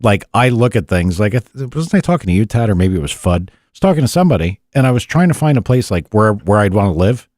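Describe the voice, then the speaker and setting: New Jersey co-host, low lively voice, rambling self-deprecating chat. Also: male voice, fast, few pauses, no echo, studio quality. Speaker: podcast co-host. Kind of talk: casual studio chat.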